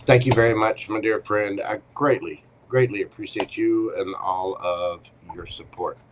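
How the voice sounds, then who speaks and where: A man's voice: fairly low pitch, fairly even intonation, unhurried, background noise. A man hosting a live tarot Q&A, giving readings in a playful, teasing way with short punchy commands.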